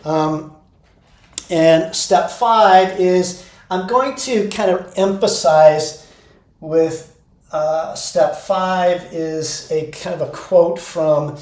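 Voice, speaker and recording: A man who coaches teachers, explaining classroom steps in a calm, unhurried way and repeating key words. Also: a little high. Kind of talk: instructional talk to teachers. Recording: echoey room.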